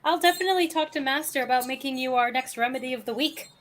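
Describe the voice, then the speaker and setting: Bright, high-voiced chatty woman. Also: fast, a little hiss or hum. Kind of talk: casual chat.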